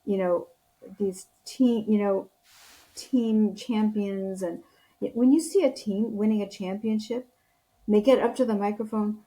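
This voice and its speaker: Woman guest, leadership coach; mellow, soft-toned, earnest, encouraging, lots of "um" and "you know". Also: mid-range voice, steady tone, unhurried, poor audio. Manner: earnest, encouraging, with frequent fillers and restarts. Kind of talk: casual interview chat.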